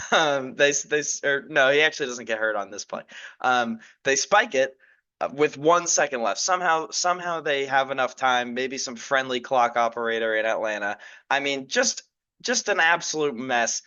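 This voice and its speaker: A man's voice: mid-range voice, normal speed, bright, forceful tone, clean tone, lo-fi sound. A young man hosting a solo sports podcast, chatting casually and rambling with lots of fillers and restarts. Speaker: podcast host.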